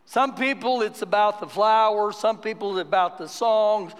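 Pastor guy preaching live, really high voice, big church echo. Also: moderate pace, clean tone. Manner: conversational storytelling building to emphatic preaching. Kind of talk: sermon. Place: church sanctuary during a live service. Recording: long church hall reverb.

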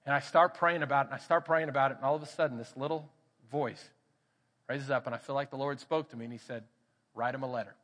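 Texan male pastor, lively sermon storyteller, bright edge, church hall reverb. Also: medium pitch, fast talker. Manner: animated storytelling, acts out quoted voices. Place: church sanctuary.

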